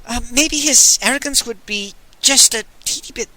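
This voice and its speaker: A man's voice: extremely high pitch, moderate pace, sharp tone, pitched above the performer's own voice, exaggerated voice, poor audio. Magnan, a man doing a quavering, timid diplomat. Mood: anxious. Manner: quavering, stammering pleas. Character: timid, fussy male diplomat.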